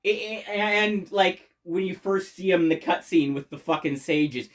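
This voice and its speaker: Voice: mid-range voice, moderate pace, hardly any pauses. A game reviewer talking casually and enthusiastically, swearing constantly and rambling with many fillers and restarts.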